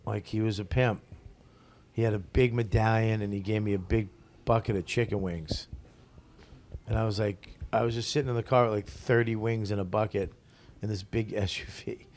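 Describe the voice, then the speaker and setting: A man's voice: fairly low pitch, moderate pace, slight background noise. Profane, laughing storyteller man. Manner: profane, animated, laughs through stories. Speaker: guest comedian. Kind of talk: casual storytelling.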